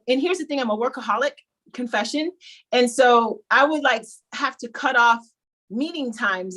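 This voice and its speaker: A woman guest telling her own story in a candid, animated, conversational way. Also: on the high side. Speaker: program client and guest.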